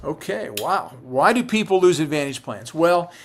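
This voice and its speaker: Man, middle-aged, insurance agent, live-stream Q&A, conversational, full of fillers, slightly high voice. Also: sing-song, normal speed. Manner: conversational, many fillers and restarts. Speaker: Medicare insurance agent and livestream host.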